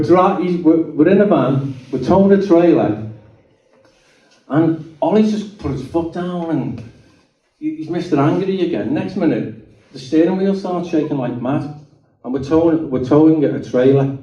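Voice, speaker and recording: A middle-aged man tells his testimony in a very dark, mellow voice. He talks to the room in a chatty way and keeps checking that his listeners are with him. His voice comes from a distance across an echoing hall, and the sound is dull. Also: a little high, lively intonation, measured pace. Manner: chatty, checks in with the audience, frequent restarts. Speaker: guest speaker giving a testimony. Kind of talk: personal testimony storytelling. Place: meeting hall.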